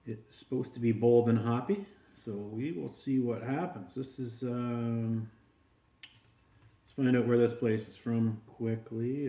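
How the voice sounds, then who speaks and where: A man's voice: mid-range voice, darkish tone. A man hosting his own beer-tasting channel, chatty and easygoing as he reviews a beer and sets up a joke. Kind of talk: casual beer-review vlog with jokes. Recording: roomy echo.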